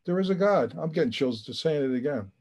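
A man's voice: a little high, expressive, fairly quick, darkish tone. A middle-aged man, a charity founder telling a story as a guest, acting out the voices of the people in it with emotion. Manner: acts out quoted voices, emphatic and emotional. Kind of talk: animated storytelling.

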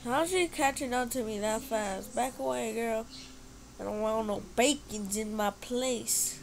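An excitable woman narrating her gameplay in a casual, unhurried way, squealing and cheering as she goes. Her voice sits a bit high with a gravelly fry, and faint noise hums underneath. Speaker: gamer commentating her play.

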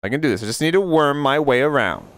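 A man commentating a gameplay video, panicking and swearing, his voice jumping into high squeals. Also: expressive, quick pace, a bit bright, slight background noise. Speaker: gaming video creator. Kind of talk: let's play commentary.

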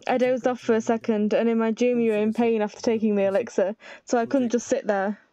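A woman's voice: fairly high pitch, level tone, fairly quick, dark tone, no echo, lightly acted. Give me a woman voicing a timid young man from a game who keeps apologising, in a dull, dry recording. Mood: gentle. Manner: pleading, apologetic.

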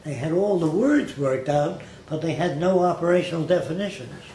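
A man's voice: fairly high pitch, lively intonation, moderate pace, dark tone. An older man telling stories from his life in a blunt, conversational way, sometimes mimicking how others talk. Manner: blunt, mimics accents in quoted voices. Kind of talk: conversational storytelling. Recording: roomy with faint background hiss.

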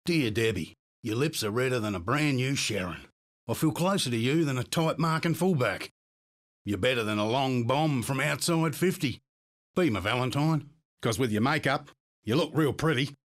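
A man plays an awkward, lovesick young bloke reading his Valentine's note aloud. He speaks slowly and earnestly, sitting at an ordinary mid pitch. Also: lively intonation, close to an everyday voice. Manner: slow, earnest, awkward delivery. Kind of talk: radio ad acting.

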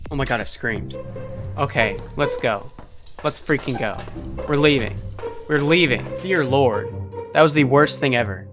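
A young man hosting a let's play of a horror game, excitable, yelping and shouting at scares and talking to himself as he plays. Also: medium pitch, a little slow. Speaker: gaming channel host. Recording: game music under the voice. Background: background music.

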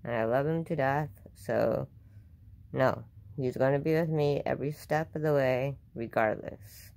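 Vlogger, gravelly voice, mid pitch, upset, defensive, repetitive, casual talk at home. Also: a little slow, a little mellow. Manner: upset, defensive, repeats themselves.

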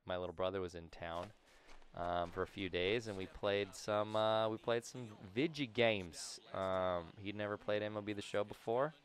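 A young man casually commentating his own video game play, rambling between topics and breaking into sudden loud cheers. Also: fairly low pitch. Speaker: gaming YouTuber.

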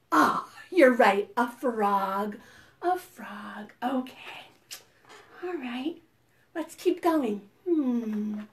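A woman librarian leading a preschool storytime, playful and sing-song, gasping and making animal sounds for the children. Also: high-pitched.

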